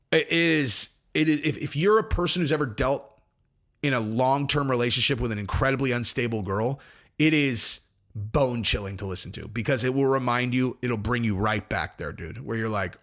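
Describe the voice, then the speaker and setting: A man's voice: mid-range voice, moderate pace, fairly bright tone. A man hosting casual commentary, talking in an emphatic, rambling way with frequent restarts. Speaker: host.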